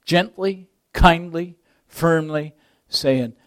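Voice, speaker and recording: A male preacher delivers a sermon in a fairly high voice at an unhurried pace. He lingers on key words, dropping to near whispers and then building to loud, ringing emphasis. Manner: dramatic swings between soft, near-whispered words and loud rising emphasis; slow, deliberate phrasing with pauses on key words.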